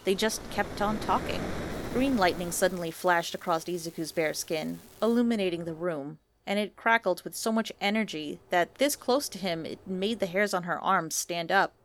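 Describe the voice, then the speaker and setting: A woman's voice: lowish voice, normal speed, a little hiss or hum. Woman reading a romance story aloud. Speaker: narrator.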